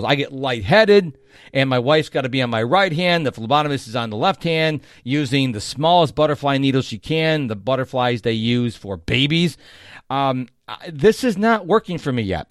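A man's voice: fairly high pitch, fairly bright tone, no room sound, studio quality. A middle-aged man hosting a motivational podcast, talking straight to the listener with emphatic, repeated phrases. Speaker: podcast host.

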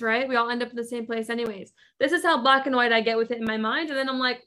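A woman's voice: fairly high pitch, steady tone, fast, bright, forceful tone. A woman hosting a podcast, coaching listeners in an emphatic motivational monologue full of repetition and rhetorical questions. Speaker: podcast host and business coach.

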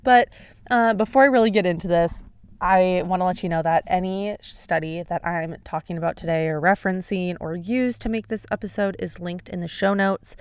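A woman's voice: fairly low pitch, clear, resonant tone, no echo. A young adult woman hosting a casual solo podcast, chatty and sarcastic. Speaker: podcast host.

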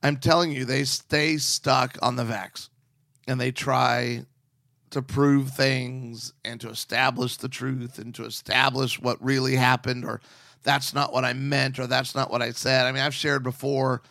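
Gravelly, bright-voiced male podcast host. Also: medium pitch, a little slow, no echo, clean studio sound. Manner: sarcastic, animated storyteller. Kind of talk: casual chat.

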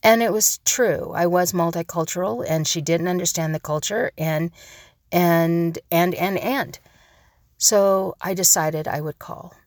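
A woman's voice: lowish voice, unhurried, a little mellow, no echo, clean studio sound. A middle-aged woman telling a personal story in an earnest, reflective way, often restarting her sentences.

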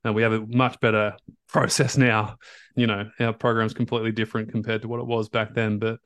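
A man hosting a podcast, telling a story in a casual, animated way, with many repeats and restarts as he acts out back-and-forth conversations in his own voice. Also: lowish voice, brisk, smooth, no room sound. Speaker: podcast host and recovery coach.

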